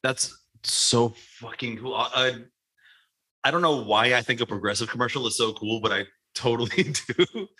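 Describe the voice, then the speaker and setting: A man's voice: medium pitch, moderate pace, pushed and bright, breathy edge. A man hosting a podcast in loose casual chat, rambling, swearing freely and laughing a lot. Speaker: podcast host.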